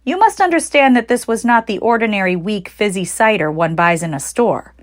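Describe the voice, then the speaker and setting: A woman narrating a children's book aloud with expressive storytelling. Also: medium pitch, fairly quick. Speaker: audiobook narrator.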